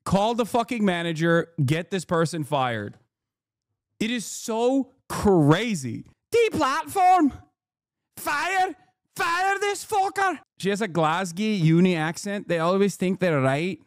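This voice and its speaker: A man's voice: high-pitched, lively intonation, no echo, clean studio sound. A man streaming and reacting to clips in casual, profane, sarcastic commentary. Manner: profane, sarcastic, quick asides.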